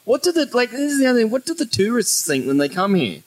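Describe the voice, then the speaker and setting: A man's voice: very high-pitched, wildly swooping pitch, fast talker, rough recording. A man in his thirties with an Australian accent, a podcast co-host telling stories in casual chat, swearing freely and breaking into laughter.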